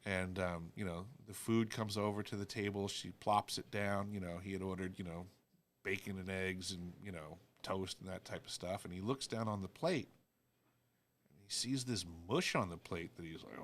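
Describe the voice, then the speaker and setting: A man hosting a casual chat show, telling stories and slipping into quick character voices. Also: sits low. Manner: animated storyteller doing character voices. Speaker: host.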